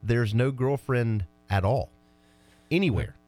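A man co-hosting a casual sports talk show, answering fast and laughing off his partner's jabs. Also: mid-range voice, darkish tone, faint music behind. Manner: quick, laughing, defensive comebacks. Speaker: sports radio co-host.

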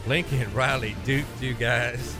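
Sports radio guy ribbing his cohost, loud and jumpy, music going underneath. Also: medium pitch, slow pace. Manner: teasing, animated, loud rants. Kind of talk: casual sports talk banter.

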